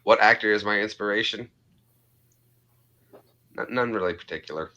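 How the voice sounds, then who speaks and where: A man's voice: on the low side, normal speed, bright, forceful tone, poor audio. A man hosting a live chat, joking casually and playfully. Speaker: live stream host and voice mimic.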